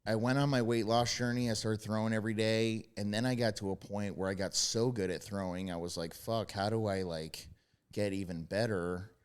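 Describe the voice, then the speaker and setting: Low-voiced brash man telling profane stories. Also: steady tone, moderate pace, clear, resonant tone. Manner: profane, brash, bursts into loud yelled impressions. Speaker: podcast guest, former quarterback. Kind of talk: casual storytelling chat.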